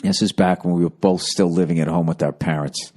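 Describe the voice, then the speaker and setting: A man's voice: low voice, steady tone, darkish tone. A man telling a profane, exasperated comedic story. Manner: profane, exasperated, rapid asides.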